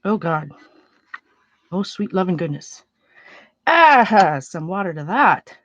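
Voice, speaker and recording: A woman's voice: fairly low pitch, sing-song, slow pace, fairly bright tone, no room sound, highs cut off. A woman hosting a casual painting livestream, chatting loosely with viewers as she works and sniffling a little. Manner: chatty, rambling, greets viewers, thinks aloud. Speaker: art livestream host.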